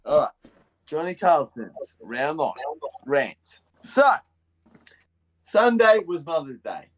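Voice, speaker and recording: High-voiced Australian man, fired-up ranter. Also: very animated, slow pace, muffled recording. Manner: mocking, fired-up ranting. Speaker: podcast co-host. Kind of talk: casual chat with a comic rant.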